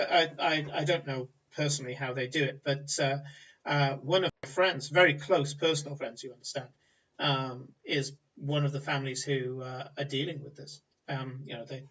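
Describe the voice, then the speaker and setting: A man's voice: medium pitch, a bit bright, recorded from a distance, dull audio, natural voice. A man voicing a showy young nobleman who name-drops and stumbles over his boasts. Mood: boastful. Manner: boisterous, name-dropping, hesitant.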